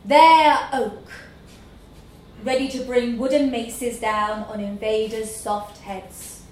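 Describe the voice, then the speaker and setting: A woman reading a literary story aloud in a slow, measured storytelling manner. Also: a little high, fairly even intonation, darkish tone, slight background noise. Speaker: narrator. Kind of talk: scripted narration of a literary story. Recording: echoey room with faint ambience.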